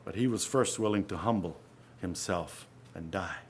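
A man preaching an earnest sermon, often dropping to a hush and then rising to loud emphasis. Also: low-pitched, moderate pace, slight background noise.

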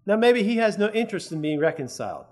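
Guy preaching a sermon, fairly high voice, earnest and chatty, keeps asking if folks follow. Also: very animated, quick pace, darkish tone. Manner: earnest, conversational, checks in with listeners.

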